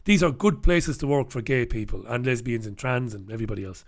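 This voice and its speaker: A man's voice: medium pitch, fast talker, few pauses. A man hosting a solo comic newspaper review, rambling and swearing, breaking into snatches of song. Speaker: host.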